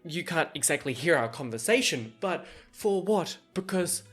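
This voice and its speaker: Male podcast host, light high-ish voice, chatty and animated, plays out quoted dialogue. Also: moderate pace, husky, faint music behind. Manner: animated, laughs often, acts out quoted dialogue. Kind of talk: casual storytelling monologue.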